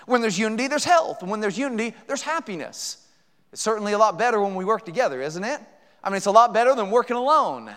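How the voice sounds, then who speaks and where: High-voiced folksy preacher in hall. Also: male voice, animated, very fast, fairly bright tone. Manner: folksy, joking, conversational with rhetorical questions. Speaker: guest preacher. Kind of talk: sermon. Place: church sanctuary.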